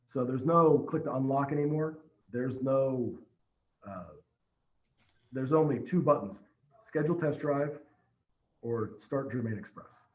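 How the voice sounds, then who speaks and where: A man, a dealership general manager, telling animated stories in a casual podcast chat over a remote call. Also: mid-range voice, measured pace, long pauses, echoey room, lo-fi sound. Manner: storytelling, energetic, with frequent restarts.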